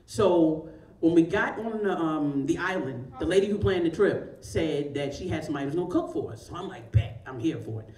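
A woman's voice: on the low side, a little fast, a little mellow, roomy sound, distant mic. A woman in her forties doing a stand-up comedy set, telling a profane story with big swings of her voice. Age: 40s. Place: comedy show in a large store.

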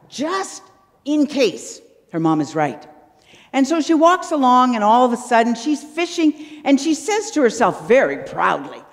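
A woman minister telling a children's story in a sermon, with dramatic pauses. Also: mid-range voice. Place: church sanctuary. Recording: long church reverb.

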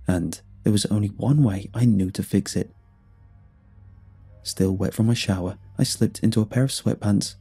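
A man narrating a first-person horror story in a measured, dramatic reading. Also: mellow, slightly rough. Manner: measured, dramatic reading with sudden pitch lifts.

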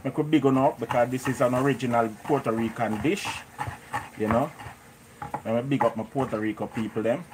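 A man with a Jamaican accent hosts a live cooking stream from his home kitchen, speaking fairly quickly in a mid-range voice over a noisy background. He chats and greets viewers by name.

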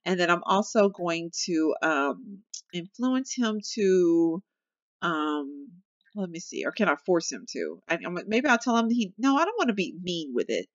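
A woman's voice: fairly low pitch, very animated, a little slow, no echo, muffled recording. A young woman giving chatty, casual commentary over her gameplay, talking straight to her viewers and laughing often. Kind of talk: casual let's-play commentary.

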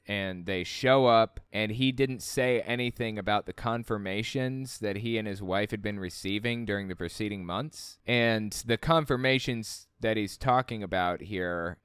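A man with a smooth, resonant voice talks through a book in casual commentary, sounding incredulous and exasperated as he questions what he reads. The recording is close and dry, with no room sound. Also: lowish voice, fairly bright tone, dry recording. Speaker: host reading a book aloud with commentary.

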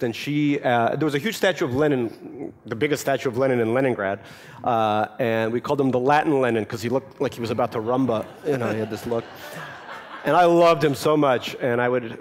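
A Russian-born man with Russian as his first language, an author reading from his memoir and then chatting about it with dry, self-mocking humor. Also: medium pitch.

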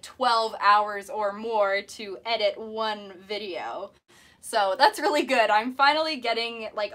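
A woman's voice: fairly high pitch, fairly bright tone. A young woman in casual live-stream chat, giggly and chatty, answering viewers while painting her nails. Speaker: mermaid streamer.

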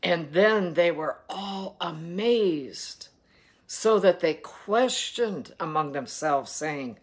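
A woman's voice: fairly low pitch, lively intonation, takes it slowly. A woman reading the Bible aloud and adding earnest devotional commentary that urges listeners to act. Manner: earnest, exhorting. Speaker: Bible reader and devotional teacher.

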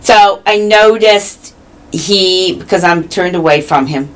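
Low-voiced woman in her fifties from Iowa. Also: slow pace. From Iowa, US Midwest. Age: 50s. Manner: animated, acts out quoted dialogue. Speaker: guest. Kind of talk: casual interview storytelling.

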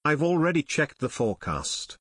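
A man voicing a calm, grim adult pilot in an audiobook, speaking steadily. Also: on the high side, moderate pace, husky, no room sound, clean studio sound, voice pushed up, heavily acted.

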